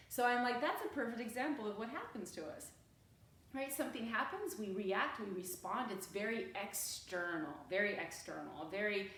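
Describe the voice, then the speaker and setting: A woman's voice: mid-range voice, far from the mic, a little hiss or hum. Chatty yoga teacher woman, echoey room. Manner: chatty, laughing, animated storytelling. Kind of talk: casual class talk.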